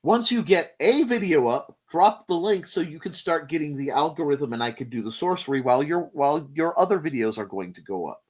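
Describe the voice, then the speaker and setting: Animated, playful man hosting a chat show. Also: on the high side, brisk, hardly any pauses, husky. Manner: playful, slips into silly voices. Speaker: host. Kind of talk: casual live-show chat.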